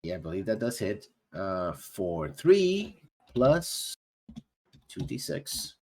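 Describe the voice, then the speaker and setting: A man running a tabletop game as game master, narrating haltingly with many fillers. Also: fairly low pitch, very animated. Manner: halting, many ums and uhs while narrating.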